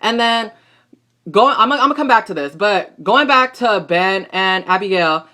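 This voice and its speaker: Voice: medium pitch, lively intonation, normal speed, pushed and bright. A young adult recapping a soap opera episode in a casual vlog, talking in a gossipy, slangy and profane way. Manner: gossipy, profane and slangy, talks back at the characters.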